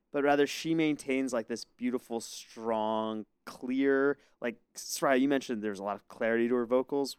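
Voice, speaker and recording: American male podcast co-host, smooth and resonant, dry close sound, measured delivery. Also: medium pitch, darkish tone, no echo. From United States. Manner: thoughtful, measured, hedging with "like" and "um". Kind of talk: casual music discussion.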